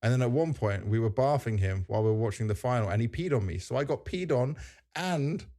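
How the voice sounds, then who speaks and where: A male podcast host chats and jokes his way through the conversation in a mellow, dark-toned voice at a middling pitch. He talks casually and keeps things moving. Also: animated, fast. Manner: chatty and joking, leads the conversation.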